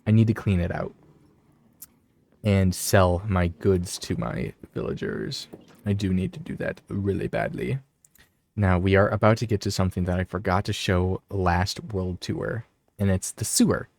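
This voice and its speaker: A young man giving casual, rambling commentary while touring his game world, often breaking off in excited asides. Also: sits low, normal speed, vocal fry. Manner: rambling, self-interrupting, easily excited. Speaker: gaming video creator.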